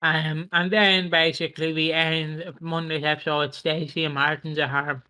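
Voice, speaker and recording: Bright-voiced, animated man. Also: fairly high pitch, normal speed, smooth, poor audio. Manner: animated, sweary, recapping with lots of acted quotes. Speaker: podcast co-host. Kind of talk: casual chat.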